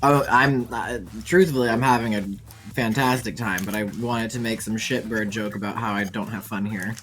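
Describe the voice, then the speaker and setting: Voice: mid-range voice, fairly even intonation, moderate pace, a bit bright, slight background noise. A co-host on a game stream who chats in a playful, self-mocking way. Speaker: voice actor and co-host. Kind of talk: casual banter during a game stream.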